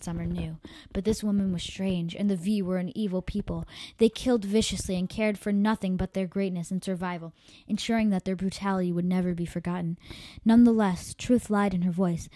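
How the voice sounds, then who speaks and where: A woman's voice: mid-range voice, fairly even intonation, a little fast, hardly any pauses, dark tone, no room sound. Woman reading her story with small slips. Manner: amateur reading with slips and self-corrections. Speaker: podcast storyteller.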